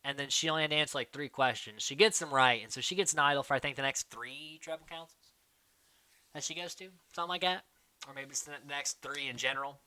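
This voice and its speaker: A man hosting a casual recap, chatting quickly and mimicking the people he quotes. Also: a little high, bright, forceful tone, smooth. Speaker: podcast host recapping a reality show.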